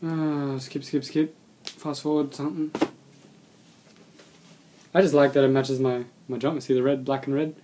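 A man's voice: mid-range voice, level tone, moderate pace, long pauses, warm tone, slight background noise. A young man, unboxing a subscription box, rambling and swearing casually as he mutters to himself.

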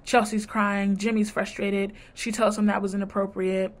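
A woman's voice: medium pitch, flat delivery, moderate pace. A woman vlogger recapping a reality show in casual chat, with blunt, sassy commentary and slang. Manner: retells scenes by quoting people.

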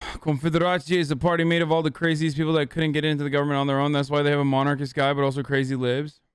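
Man, 30s, streamer, live reaction talk, mocking, swears a lot, smooth voice, dry close mic. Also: fairly high pitch, little pitch movement, very fast, dry recording. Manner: mocking, profane, loose and joking.

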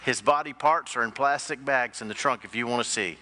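A man voicing a feisty older Texas woman, with a dry, deadpan delivery in a lowered voice. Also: a little fast, in a large hall, natural voice. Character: feisty older Texas woman who coolly toys with police.

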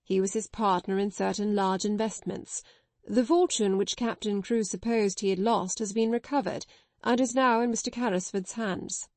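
Cool steady lawyer guy, quiet and level toned, read by a woman, dry sound. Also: medium pitch, moderate pace, dry recording, close to an everyday voice.

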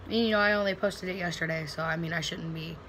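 A woman's voice: on the low side, fairly even intonation, fast talker, fairly bright tone, slight background noise, poor audio. A young woman, rambling casually to camera in a home vlog, full of fillers and restarts. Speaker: vlogger. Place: at home, indoors.

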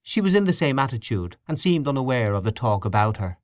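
A man reading a literary short story aloud as an audiobook narrator, in a measured, expressive way. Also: mid-range voice, no echo, clean studio sound.

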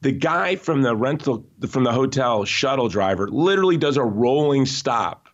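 A man being interviewed, telling stories in an animated, emphatic way with frequent restarts. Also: mid-range voice, normal speed, lo-fi sound. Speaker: interview guest. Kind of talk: conversational podcast interview.

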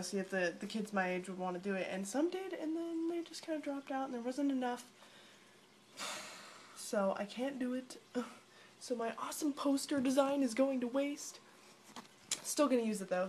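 A young woman talks into her phone camera at arm's length, chatty and giggly, rambling from one thought to the next. Her voice sits at an ordinary middle pitch. A faint hiss and room ambience hang behind her. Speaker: vlogger. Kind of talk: casual vlog chat to friends.

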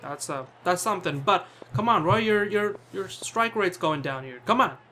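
Guy gaming and chatting, bright kinda high voice, swears a lot, ribs his player. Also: lively intonation, normal speed, slight background noise. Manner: bantering, swears often, talks to his in-game player. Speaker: gamer playing a cricket video game. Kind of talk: casual gameplay commentary.

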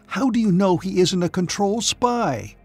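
A man voicing a stocky, red-faced young man who is hostile and suspicious, speaking in sharp, violent protests. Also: on the high side, big pitch swings, normal speed, husky, soft background music, exaggerated voice. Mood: angry.

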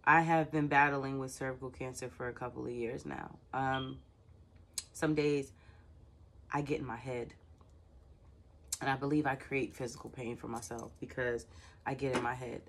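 A woman's voice: extremely low pitch, fairly even intonation, moderate pace, long pauses. Frank woman tarot vlogger talking to camera. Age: adult with children. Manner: frank and personal, with frequent "um" fillers. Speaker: tarot reader and channel host. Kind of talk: candid direct-to-camera vlog monologue.

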